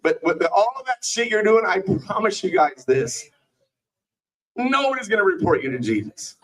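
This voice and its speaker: A man's voice: high voice, sing-song, moderate pace, a bit bright, distant mic, poor audio. A middle-aged man doing a rambling, profane stand-up set in a small bar, often stopping himself mid-thought. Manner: rambling, profane, self-interrupting. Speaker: stand-up comedian and show host.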